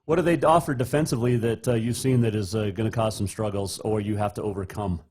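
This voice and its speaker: A man's voice: lowish voice, steady tone, fast talker, a little mellow, breathy edge. A male radio host interviewing a coach with casual, chatty questions.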